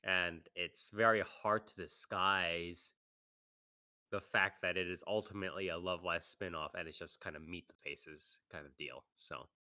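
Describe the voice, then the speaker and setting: A man's voice: sits low, steady tone, a little slow, sharp tone. A man co-hosting an anime podcast, giving a casual, hedging review and laughing often between points. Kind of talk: casual review chat on a live stream.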